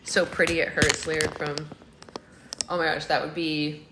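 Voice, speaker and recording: A young woman hosting a casual livestream, chatting with viewers and reading their comments out loud in a playful, rambling way. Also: low-pitched, flat delivery, unhurried, roomy sound, noisy background. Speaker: livestream host.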